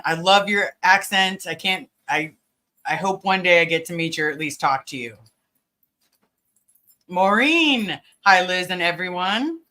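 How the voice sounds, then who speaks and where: A woman's voice: lowish voice, pushed and bright. A woman hosting a casual livestream, greeting viewers by name and talking with many fillers. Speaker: livestream host.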